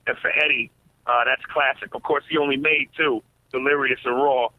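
A man's voice: mid-range voice, normal speed, no room sound. Male comedian guest phoning in, mid-range voice, tinny line, laid-back with many stumbles. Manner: relaxed, stammers and restarts often. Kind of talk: casual radio interview.

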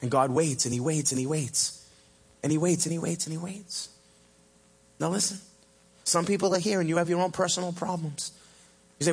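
This sermon comes from a male pastor whose voice has a slight roughness. He moves between hushed, quiet passages and forceful, loud high points, slowing right down to stretch out the important phrases.

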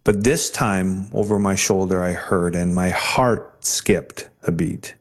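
A man guest telling a personal faith testimony in an earnest, halting way, often restarting his sentences. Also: sits low, slightly rough. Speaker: interview guest.

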